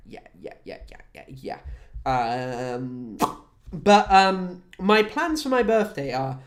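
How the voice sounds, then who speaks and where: A woman from the UK chatting casually on a livestream, rambling, swearing and often restarting her sentences. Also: deep voice. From United Kingdom. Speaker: streamer.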